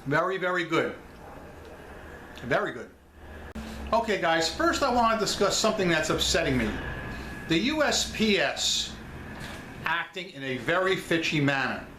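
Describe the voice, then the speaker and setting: Speaking at a moderate pace, a man with a New York accent swings widely in pitch from a slightly high base, his tone pushed and bright. The online seller vlogger chats casually, talking directly and emphatically to viewers about selling online, with room echo and a faint hiss or hum.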